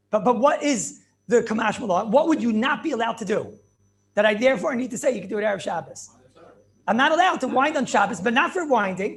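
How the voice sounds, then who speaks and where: Animated rabbi, high gravelly voice. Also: male voice. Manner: animated questioning, answers his own questions, repeats phrases. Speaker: rabbi teaching a class. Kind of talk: Talmudic class lecture with back-and-forth questions.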